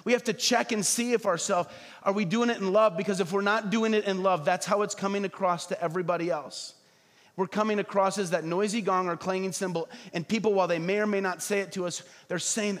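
Middle aged pastor guy preaching, pretty high voice, big echoey church hall. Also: fairly quick. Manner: animated, acts out quoted voices. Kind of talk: sermon. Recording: reverberant hall.

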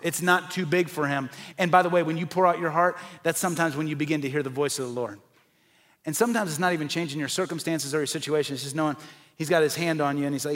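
A man's voice: on the high side, quick pace, a bit bright. A man preaching a sermon as pastor, earnest and building to passionate emphasis. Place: church sanctuary. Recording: long hall reverb.

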